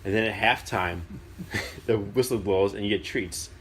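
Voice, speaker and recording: Man, casual podcast anecdote, low-pitched, light room noise in the background. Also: unhurried. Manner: storytelling, laughs through anecdotes, animated when mimicking his dad. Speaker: podcast co-host. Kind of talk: casual chat.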